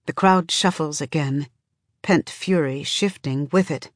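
A woman narrating a novel in the second person, telling it in a measured, vivid way. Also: low-pitched, dry recording, clean studio sound. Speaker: audiobook narrator.

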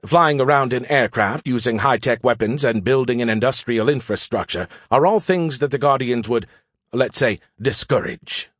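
A man voicing a condescending, know-it-all male ship AI that lectures in a husky, dry voice. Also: mid-range voice, normal speed, no room sound, lightly acted. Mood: smug.

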